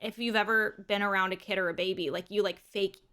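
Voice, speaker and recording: A young woman streaming a game and chatting casually, telling rambling animated stories full of fillers. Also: mid-range voice, a little fast. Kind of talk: casual chat to stream while gaming.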